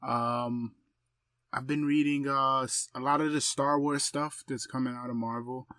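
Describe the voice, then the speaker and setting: A man co-hosting a podcast, recorded dry with no room sound. He recommends things with eager enthusiasm at an ordinary middle pitch. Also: fairly even intonation, unhurried, bright, forceful tone, no room sound. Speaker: podcast co-host. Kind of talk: casual chat.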